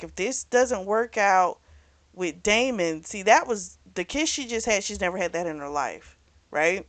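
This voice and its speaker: A woman's voice: on the low side, a bit bright, dry recording. A woman hosting a book club channel, retelling a romance novel's plot in casual chat full of "like" and "you know".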